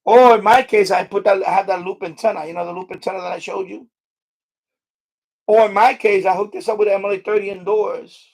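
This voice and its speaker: On a casual live stream, a man with a high, gravelly, darkish voice talks briskly in a fairly even tone. He rambles, repeats himself, restarts sentences and makes frustrated asides, swearing mildly at his equipment now and then.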